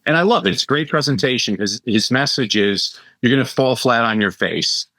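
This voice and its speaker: A middle-aged man, a guest educator and speaker, telling lively stories in a conversational podcast interview. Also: medium pitch, no echo. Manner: animated storyteller, quick asides and impressions.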